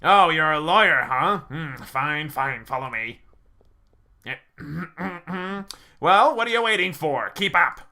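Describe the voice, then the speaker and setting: Brief: male performer as an impatient jailer, loud, brusque, lively pitch. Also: takes it slowly, gravelly, heavily acted. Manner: barking, impatient. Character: rude, gruff male prison guard.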